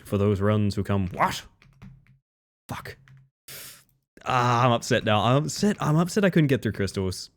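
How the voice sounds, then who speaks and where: A man's voice: mid-range voice, animated, a little slow, long pauses. A man streaming a speedrun late at night, chatting casually with his viewers, thinking aloud and correcting himself as he plays. He sounds a little tired. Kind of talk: casual gameplay commentary.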